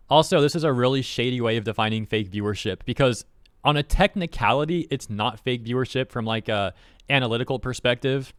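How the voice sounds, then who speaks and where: A man's voice: medium pitch, a bit bright, no room sound, clean studio sound. A man giving casual, skeptical commentary as a YouTube host, reading posts aloud and picking them apart. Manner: skeptical, wry, quick commentary.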